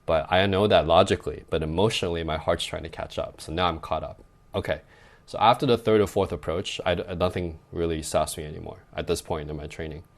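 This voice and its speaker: A man's voice: low-pitched, a little fast. A young adult man who coaches dating, talking loosely in a podcast chat and often tagging lines with "right?". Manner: loose and conversational, frequent "like" and "right?" tags. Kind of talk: casual podcast advice talk.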